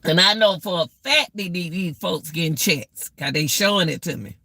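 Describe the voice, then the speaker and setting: A woman's voice: on the low side, expressive, normal speed, creaky, few pauses, bright, forceful tone, breathy edge, no room sound. A middle-aged woman hosting a casual live-stream rant, exclaiming and repeating herself as she talks straight to her viewers.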